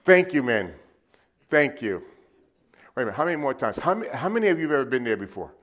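A middle-aged man preaching a sermon, telling a personal story and swinging from loud calls to the crowd to hushed, quiet lines. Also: medium pitch, very animated, quick pace.

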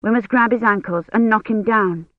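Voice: medium pitch, normal speed, dry recording, natural voice. A reader voicing a young woman caring for a sick man, practical and urgent in her words, in a dull, dry recording.

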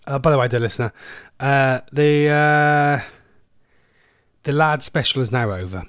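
Unhurried and smooth, this English man's medium-pitched, slightly bright voice comes through at studio quality without echo. An adult and former smoker, he rambles through a casual online radio phone-in, chatty and forever interrupting himself mid-sentence.

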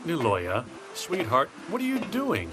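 An actor playing a gentle, amused fisherman father in a cartoon, talking slowly and patiently. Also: a little high, wildly swooping pitch, over loud music.

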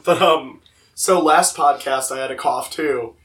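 A young man with a slightly hoarse voice, telling stories casually on a podcast with lots of "like". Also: mid-range voice, unhurried, very noisy. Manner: rambling, lots of "like". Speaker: podcast co-host. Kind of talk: casual storytelling chat. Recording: voice distant from the mic.

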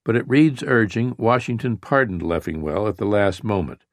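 Low-voiced man narrating history. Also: lively intonation, normal speed, no room sound, studio quality. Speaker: audiobook narrator.

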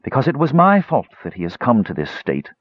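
A man's voice: mid-range voice, huge pitch swings, fairly quick, no room sound, voice pushed up. A tearful, guilt-stricken woman weaver, as a man puts her on. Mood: sorrowful. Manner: soft, tearful pleading. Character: grieving woman weaver, gentle and guilt-ridden. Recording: slightly dull lo-fi audiobook recording.

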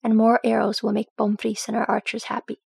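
A woman's voice: fairly high pitch, completely flat delivery, a little fast, creaky, a little mellow, slightly rough, dry recording, clean studio sound, exaggerated voice. A woman voicing a proud, grieving dwarf noblewoman with a tight, restrained manner in a storybook reading.

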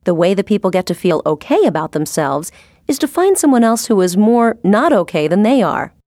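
A woman reading scripted instructional narration in a clear, explanatory way, recorded dry and close in a studio. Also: mid-range voice, sing-song, fairly quick, mellow, no room sound.

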